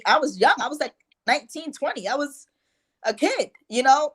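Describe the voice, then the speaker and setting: A woman's voice: sits high, brisk, a bit bright. A young adult woman from New York, a guest life coach telling her story in a casual chat with lots of "you know" and "like".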